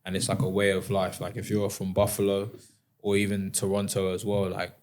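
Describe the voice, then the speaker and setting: Low-voiced young man chatting. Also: fairly quick. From England. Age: 20s. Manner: relaxed, animated storytelling with many fillers. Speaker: guest, former rugby player. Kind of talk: casual interview chat.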